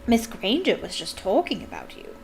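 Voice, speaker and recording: A woman's voice: medium pitch, very animated, moderate pace, vocal fry, mellow, a little hiss or hum, low-quality recording. A woman voicing a sly, teasing male poltergeist.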